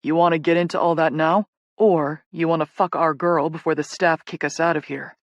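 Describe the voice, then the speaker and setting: A woman reading an audiobook, voicing a blunt, deadpan young man in a lowered, gravelly voice. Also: normal speed, no room sound, dull audio. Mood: dry, teasing. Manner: deadpan, low-key.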